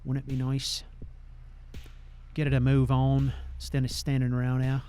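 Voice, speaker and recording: A man's voice: medium pitch, monotone, normal speed, dark tone, clean tone. A young man giving casual gameplay commentary, swearing freely and tagging his sentences with "eh?". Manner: profane, ends sentences with "eh?". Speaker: gamer.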